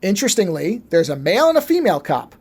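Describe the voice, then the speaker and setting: A man on a podcast casually retelling a movie plot, animated and swearing freely. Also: high-pitched, fast, breathy edge. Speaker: podcast co-host.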